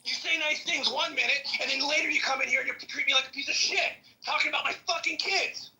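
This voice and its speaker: A man's voice: very high-pitched, fast talker, pushed and bright, low-quality recording. A middle-aged man in a heated argument on an audio chat app, furious and profane, ranting over a phone mic. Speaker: chat room participant.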